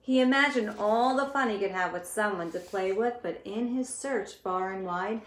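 A woman teacher reading a picture book aloud in a gentle, expressive way, talking to her listeners as she goes. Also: mid-range voice, moderate pace, few pauses. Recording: echoey room with faint noise.

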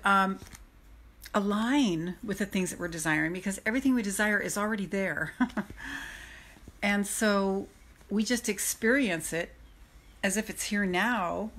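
A woman coach talks into her webcam on a live stream, bubbly and breathless, often laughing. Her voice is bright and forward. She speaks with eager excitement. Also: medium pitch, slight background noise. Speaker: emotional freedom coach.

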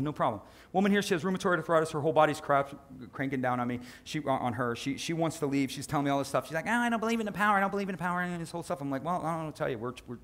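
A male pastor with a fairly high-pitched voice preaches a sermon in a lively, conversational style, tossing in quick asides and suddenly shifting his volume.

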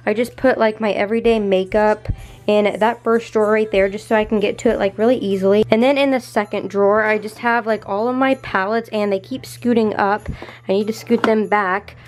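A woman's voice: medium pitch, fairly quick. A young woman vlogging at home in her bedroom, chatty and gushing, with lots of "like" in her speech. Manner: gushing and excitable, heavy use of "like". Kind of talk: casual vlog chat.

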